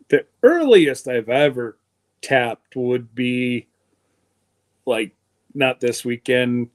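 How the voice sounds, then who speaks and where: Male livestream host, congested, unhurried, rambling chat with a lively, rising and falling voice. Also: medium pitch. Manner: rambling, chatty, teasing. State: congested from pneumonia. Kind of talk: casual chat.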